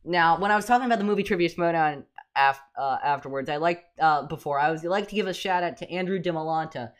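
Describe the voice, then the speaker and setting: A woman co-hosting a casual fan podcast, talking in animated, exasperated rants with many restarts. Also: lowish voice, fast. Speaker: podcast co-host.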